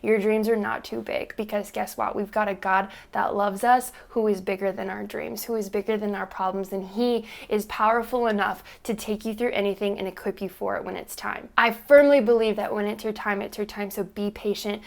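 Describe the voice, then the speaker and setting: An earnest young woman speaks straight to her viewers in a vlog. She rambles and restarts, sounding moved and close to tears, in a voice of ordinary middle pitch. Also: steady tone, a little fast, gravelly, few pauses. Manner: earnest, emotional, on the verge of tears. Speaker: YouTube creator. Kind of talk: heartfelt vlog thank-you speech.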